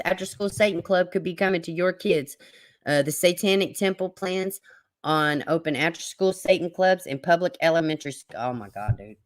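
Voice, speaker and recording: A woman's voice: on the low side, a bit bright. A woman ranting in a profane, angry, exasperated way as she reacts to news articles on camera. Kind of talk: ranting commentary vlog.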